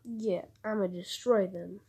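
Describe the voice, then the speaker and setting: A woman voicing an excitable boy ninja who gushes and repeats himself, in a husky tone. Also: mid-range voice, unhurried. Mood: excited.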